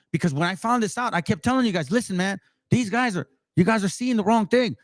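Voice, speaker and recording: Blunt, fiery man, higher voice. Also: fast talker, few pauses, no room sound. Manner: blunt and direct; fiery, emphatic. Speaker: Bible channel host. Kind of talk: casual Bible commentary with scripture reading.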